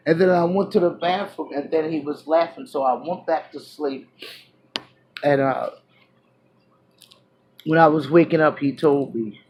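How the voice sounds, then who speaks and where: A woman vlogger telling a personal story to her viewers, loud one moment and hushed the next, full of fillers and restarts. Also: low voice, measured pace, long pauses, a little hiss or hum, low-quality recording. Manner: animated, drifts between loud exclamations and hushed asides; chatty, many fillers and restarts.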